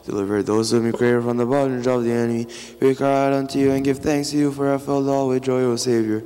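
A man with a mellow, smooth voice reads hymn texts steadily with little pitch movement. The church adds a long, hanging reverb. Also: steady tone, quick pace. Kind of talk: liturgical hymn reading.

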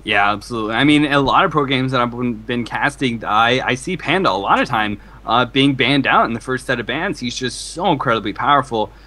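Bright-voiced male esports caster. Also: medium pitch, brisk, few pauses. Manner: joking, excitable banter. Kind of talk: game commentary.

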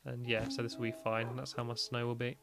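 A gaming video host chats through a building game in casual commentary, rambling with frequent "like" fillers and small laughs. His middle-pitched voice is monotone and fairly quick with vocal fry, and quiet music plays underneath.

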